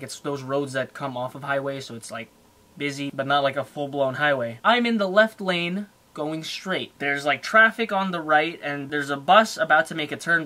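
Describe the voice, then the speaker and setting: Bright-voiced, heated young man. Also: a little high. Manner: animated, heated, fast with fillers. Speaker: car vlogger. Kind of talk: casual storytelling rant.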